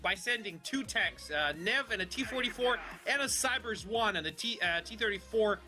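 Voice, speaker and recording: A man commentating a live tank game match, excitable and jokey, quick to laugh. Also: sits high. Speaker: esports commentator. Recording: faint music behind.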